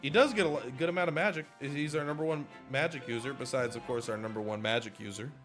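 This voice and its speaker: A man's voice: mid-range voice, fast, music in the background. Tired, rambling male game streamer. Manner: rambling, jokey, reads game lines aloud. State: tired, yawning. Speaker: gaming streamer. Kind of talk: casual let's-play commentary.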